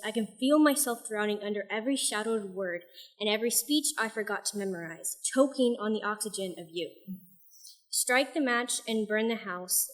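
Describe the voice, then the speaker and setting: Soft-spoken young woman reading her poetry. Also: on the high side. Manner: soft-spoken and self-deprecating, reads intensely from a screen. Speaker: open mic reader. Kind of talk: reading her own poetry and prose aloud. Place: small venue at an open mic night.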